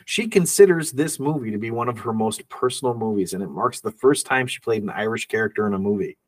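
A man's voice: fairly low pitch, expressive, fast, recorded from a distance. A man co-hosting a casual film podcast, reading out trivia notes and laughing often. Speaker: podcast co-host.

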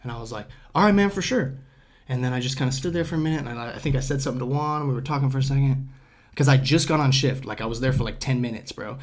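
A young male podcast host with a medium-pitched voice races through a story in casual conversation. He acts out the other people's voices and swears freely.

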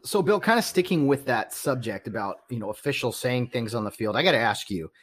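A man's voice: medium pitch, animated, a little fast. A man hosting a sports podcast in casual talk, laughing often, agreeing and asking his co-host questions.

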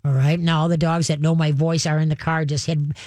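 A woman's voice: sits low, flat delivery, brisk, a little mellow, dry recording. A woman hosting a call-in radio show, giving folksy, chatty advice on training pets and acting out little voices as she goes.

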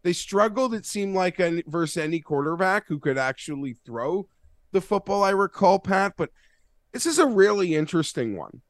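Brief: man, sports betting co-host, fairly high voice, dry close sound, easygoing and a little halting. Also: lively intonation, dry recording. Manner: easygoing, hesitant, stumbles over words. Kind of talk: casual sports betting chat.

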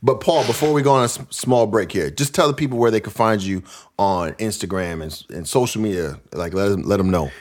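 A man with a lowish voice speaks briskly as host of a casual comedy podcast. He reads listener letters aloud, laughs plenty, and keeps his delivery animated and joking.

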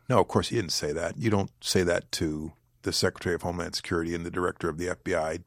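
A former government official being interviewed, a man who answers in a measured, deliberate way and pauses to choose his words. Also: low-pitched, gravelly, no room sound, studio quality.

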